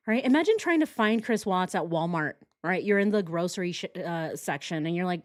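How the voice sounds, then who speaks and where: A woman's voice: lowish voice, brisk, a little mellow. A young woman hosting a casual true crime stream, sarcastic and giggly, talking to her chat as she reacts. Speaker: true crime livestream host.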